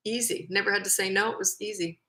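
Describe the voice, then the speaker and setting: A woman's voice: medium pitch, fairly even intonation, fast, bright, forceful tone, echoey room, low-quality recording. A woman in her fifties, a parenting coach, answering viewer questions in a blunt, matter-of-fact way. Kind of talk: casual Q&A advice.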